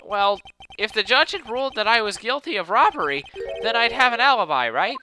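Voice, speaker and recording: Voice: mid-range voice, sing-song, fairly quick, voice pushed up, close to an everyday voice, poor audio. A let's player voicing a timid, nervous young male thief who stammers, with music playing behind. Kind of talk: let's play voice acting.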